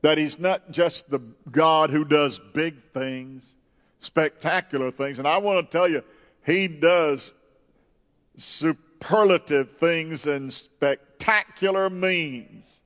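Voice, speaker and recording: Slow, emphatic preacher in a reverberant hall. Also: male voice, a bit bright. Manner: slow, emphatic preaching that climbs high when stirred. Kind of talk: sermon.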